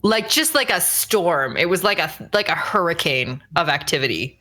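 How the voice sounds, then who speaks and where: A woman narrates a tabletop game as game master, stopping and restarting often and padding with fillers. Her voice is bright and forceful and sits fairly low. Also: expressive. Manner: halting, full of fillers.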